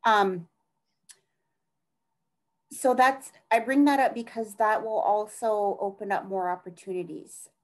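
A middle-aged woman talks at a middle pitch as an interview guest. She is earnest and rambling, and she often trails off mid-thought and starts again. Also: fairly even intonation, measured pace, long pauses, low-quality recording. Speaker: interview guest, task force advocate. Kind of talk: conversational interview.

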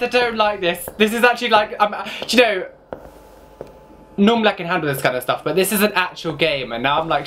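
Brief: male gaming host, horror playthrough, skittish and foul-mouthed, lively swooping pitch, noisy recording. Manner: jumpy, swears, nervous laughter and shrieks. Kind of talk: horror game playthrough commentary.

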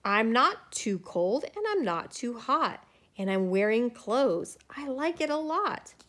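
A woman's voice: fairly high pitch, sing-song, takes it slowly, fairly bright tone, exaggerated voice. A woman voicing a cheerful male snowman who sneezes and shivers, reading a rhyming children's storybook. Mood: content. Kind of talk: children's picture book read aloud.

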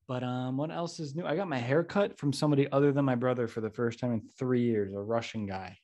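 A man's voice: medium pitch, fast talker, darkish tone, muffled recording. A man hosting a podcast, chatting casually and joking through the intro. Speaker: podcast host.

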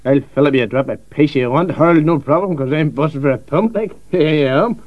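A cheeky Northern Irish man slings crude, mocking jokes through a home-made comedy sketch. His voice sits slightly high for a man. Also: fairly quick, a little mellow.

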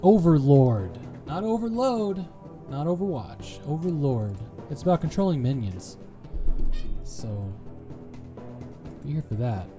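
Southern us guy streaming a game, chatty, swears a lot, laughs easy, game music loud-ish behind him. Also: medium pitch. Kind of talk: casual live-stream commentary.

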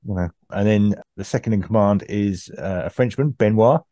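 A man's voice: fairly low pitch, normal speed, dark tone, no room sound, studio quality. A man co-hosting a podcast, recapping a story in easygoing casual chat. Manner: recaps the plot, easygoing with many yeahs. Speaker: podcast co-host.

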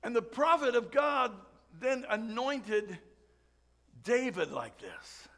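Gravelly high-voiced preacher, conversational. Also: male voice, sing-song, takes it slowly, a bit bright. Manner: conversational, with jokes and asides. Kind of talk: sermon. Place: church sanctuary.

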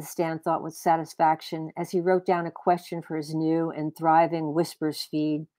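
A woman author reading her own fiction aloud in a brisk, expressive way. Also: low-pitched, dry recording.

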